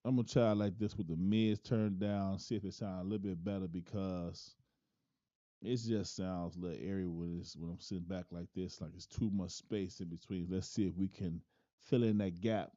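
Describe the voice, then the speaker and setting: A man casually testing his microphone setup, thinking out loud and often ending lines with "man". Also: sits low, steady tone, moderate pace, dry recording, lo-fi sound. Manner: laid-back, thinking aloud, often tags lines with "man". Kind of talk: casual mic-check talk.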